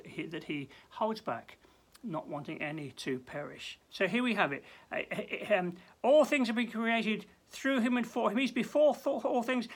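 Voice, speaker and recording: With a husky, mid-range voice, a church minister offers a short devotional. His delivery is earnest but broken by frequent stammered restarts, and he performs prayers with growing intensity.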